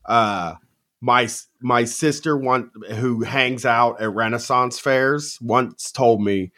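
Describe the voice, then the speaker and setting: A man's voice: medium pitch, measured pace, a bit bright. A man co-hosting a podcast who tells stories casually and laughs while he tells them. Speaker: podcast co-host. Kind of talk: casual storytelling.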